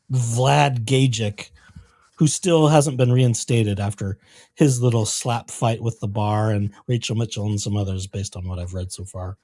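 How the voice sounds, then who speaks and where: A man from San Francisco co-hosting a livestream, reacting to clips with sarcastic, animated commentary and frequent laughter. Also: on the low side, unhurried, long pauses. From San Francisco, USA. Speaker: stream co-host.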